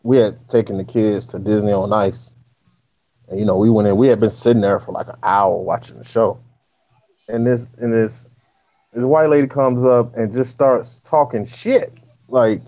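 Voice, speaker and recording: A man's voice: lowish voice, steady tone, normal speed, warm tone. A man co-hosting a casual podcast chat, telling stories bluntly and with plenty of profanity. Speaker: podcast co-host. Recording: dull lo-fi sound.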